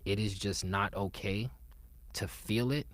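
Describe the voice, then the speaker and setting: A man talking in an earnest, reflective conversation, often dropping to a soft, low murmur and turning emphatic to stress a point. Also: steady tone, unhurried, dry recording.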